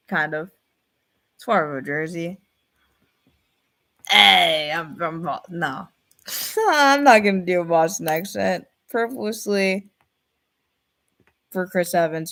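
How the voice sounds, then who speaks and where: A young woman in casual reaction commentary, excitable, thinking out loud with fillers and repeated phrases. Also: fairly low pitch. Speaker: reaction video host.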